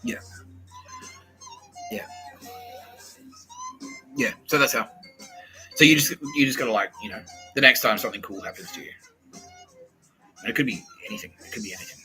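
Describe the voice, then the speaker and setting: A man's voice: mid-range voice, normal speed, pauses often, soft background music, poor audio. An Australian man hosting a podcast, telling a casual story with lots of swearing and acted-out quotes. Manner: animated, swears often, acts out quoted voices. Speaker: podcast host.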